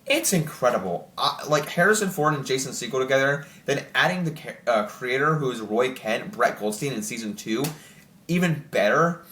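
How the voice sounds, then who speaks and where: A young man chatting casually to camera as host, excited and rambling with lots of filler words. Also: mid-range voice, moderate pace, slight background noise. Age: young adult. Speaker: channel host ranking TV shows. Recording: roomy echo.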